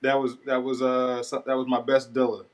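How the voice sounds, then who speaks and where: A man making beats who chats casually about his influences, talking haltingly and pausing on "uh". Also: mid-range voice, completely flat delivery, background noise. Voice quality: halting, fills with "uh" and restarts. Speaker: beatmaker. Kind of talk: casual hip-hop chat.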